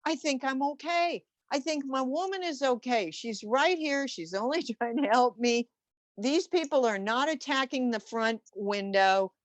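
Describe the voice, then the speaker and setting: A woman voicing the inner thoughts of an anxious male dog as it calms down, hesitant and reassuring itself. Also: sits high, unhurried, dry recording, voice pushed up. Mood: relieved.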